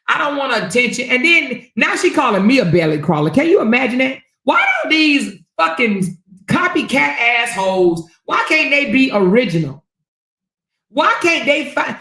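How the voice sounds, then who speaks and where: A woman's voice: on the high side, a bit bright. A woman hosting a livestream, dishing gossip in a brash, cussing, mocking way. Her voice rings in an echoey room. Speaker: livestream host. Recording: roomy echo.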